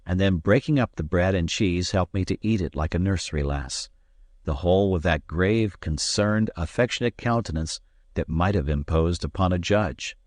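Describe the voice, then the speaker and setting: A man narrating an adventure novel as an audiobook, in a measured, expressive storytelling manner. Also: sits low, dry recording. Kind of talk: scripted narration.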